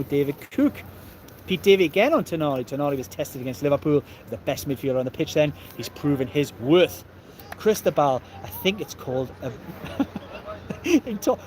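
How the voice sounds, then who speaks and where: A man with a Geordie accent chats through a live stream outside after a match, slightly high-pitched and easygoing. He laughs a lot and reads out viewer comments, and there is faint city noise behind him. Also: a little mellow. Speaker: football channel host reading live comments. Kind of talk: casual live-stream chat.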